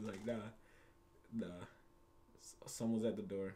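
A man's voice: medium pitch, lively intonation, fast, a little mellow, slight background noise. A young man commenting on a game in a crude, rambling way, swearing often, repeating himself and laughing at his own jokes. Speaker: gaming YouTuber. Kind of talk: casual commentary reacting to a game.

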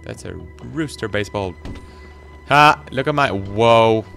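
An excitable teenage boy rambles through his gameplay commentary, talking to himself as he plays. His voice sits fairly low for his age, with faint game music playing behind him. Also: unhurried, creaky. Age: teens. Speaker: gaming channel host.

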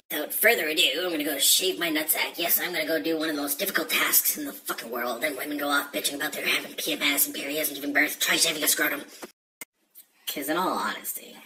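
A man's voice: a little high, fairly even intonation, fast, sharp tone, far from the mic, poor audio. A man ranting crudely into his phone, rambling and joking with constant swearing. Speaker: social media video maker. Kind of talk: crude casual rant to camera.

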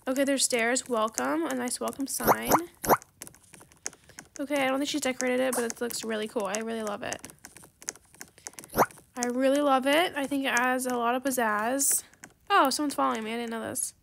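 A woman giving casual gameplay commentary, excitable and gushing, then soft and apologetic when she turns down offers. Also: high-pitched, moderate pace, vocal fry, long pauses, a little hiss or hum. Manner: apologetic, soft-spoken when declining trades. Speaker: gaming video creator.

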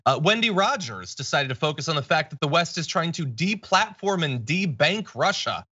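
A man hosting an online political talk show, mocking quotes with deadpan sarcasm. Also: fairly high pitch, moderate pace, husky, highs cut off. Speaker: show host.

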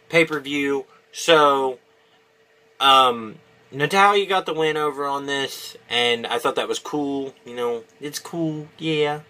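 A man's voice: fairly high pitch, pushed and bright. A man giving a casual, opinionated video review, rambling with many restarts and fillers. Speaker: wrestling reviewer.

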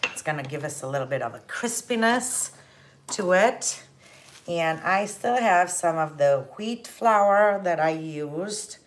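A woman hosting a casual cooking stream, chatting gently with viewers and laughing often as she bakes. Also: on the low side, animated, a little slow, slight background noise. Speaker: cooking show host.

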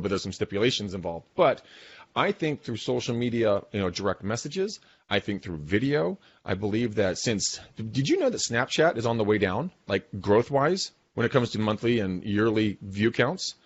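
A man co-hosting a podcast, talking in animated, emphatic casual business chat and swearing now and then. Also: mid-range voice, husky, muffled recording. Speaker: podcast co-host.

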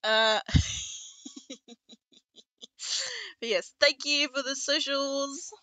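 A woman's voice: high-pitched, fairly even intonation, extremely slow, sharp tone, dry recording, poor audio. A young woman live-streaming a horror game, chatting to her viewers, swearing freely and shrieking at scares. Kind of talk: casual live-stream commentary.

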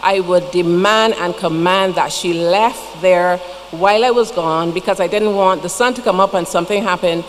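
A woman's voice: fairly low pitch, moderate pace. A woman with a Barbadian accent giving a funeral tribute in a church, telling folksy stories with chatty asides. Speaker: eulogy speaker. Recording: long church reverb, faint noise.

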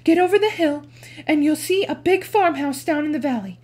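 A woman's voice: high voice, animated, normal speed, a little mellow, voice pushed up. A woman reading aloud, voicing a frightened mother urging her son to run. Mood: urgent. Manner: pleading, urgent.

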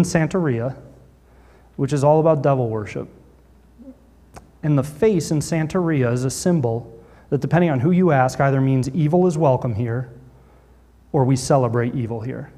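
A pastor telling a story in a sermon, animated and acting out what people said. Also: male voice, a little high, long reverb tail.

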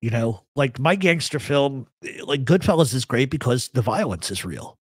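A man's voice: mid-range voice, lively intonation, normal speed, slightly rough, dry recording, studio quality. A man hosting a live talk show, giving blunt, rambling opinions to viewers in the chat. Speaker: host. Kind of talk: live radio chat answering a chat.

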